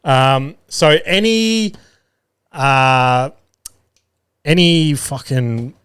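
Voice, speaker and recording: Smooth-voiced man rambling on a podcast. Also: mid-range voice, animated, very slow, fairly bright tone. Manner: rambling, swears freely, many fillers; loses his words mid-thought. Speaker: podcast host. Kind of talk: solo casual chat.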